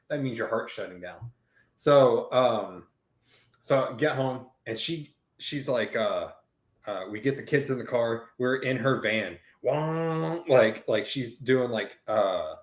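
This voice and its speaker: A man spins a rambling, swear-filled story in loose, casual talk. His voice sits at an ordinary middle pitch and bounces off the walls of an echoey room. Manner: profane, rambling, animated retelling with quoted dialogue. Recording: roomy echo.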